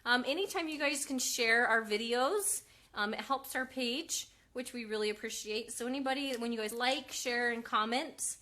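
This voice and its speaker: A woman's voice: on the high side, normal speed, sharp tone. A woman hosting a casual craft live stream, chatting and reading out viewer comments.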